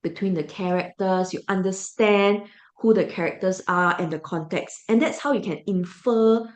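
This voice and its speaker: A woman's voice: mid-range voice, normal speed. Singaporean woman teaching English. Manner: explanatory, asks the class rhetorical questions. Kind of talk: online class teaching.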